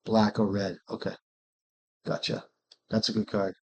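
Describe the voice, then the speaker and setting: A man's voice: lowish voice, little pitch movement, unhurried, husky. A man streaming a card game, thinking aloud in casual, profane commentary and often muttering to himself.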